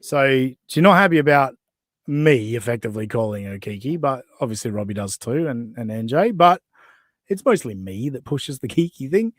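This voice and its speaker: A man's voice: mid-range voice, big pitch swings, moderate pace, dry recording. A man hosting a podcast, mocking and profane as he reacts to clips in casual chat. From Australia. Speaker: podcast host.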